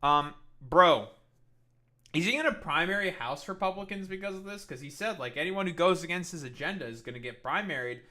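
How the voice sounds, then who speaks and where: A man's voice: fairly high pitch, a little fast, pushed and bright. A young man streaming, chatting casually in a rambling, sarcastic way with lots of swearing. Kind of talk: casual live-stream commentary.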